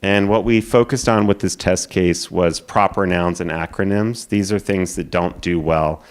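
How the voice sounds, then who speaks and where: A man giving a conference presentation, explaining quickly with frequent fillers. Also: sits low, steady tone, clear, resonant tone. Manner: explanatory, hurried, filler-laden.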